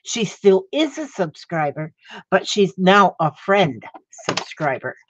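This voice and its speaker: A woman's voice: on the low side, very animated, slow pace, background noise. An older woman hosting a livestream from home, chatting in a rambling, easily delighted way and greeting viewers with little exclamations. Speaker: livestream host. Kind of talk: rambling casual chat. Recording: dull lo-fi dry sound.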